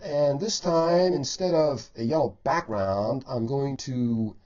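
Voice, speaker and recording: Male art teacher demonstrating painting, measured and explanatory, middle pitch, slightly dull lo-fi recording. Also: a little mellow. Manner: measured, explanatory, stretches key words for emphasis. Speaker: painting instructor. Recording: dull lo-fi voice-over.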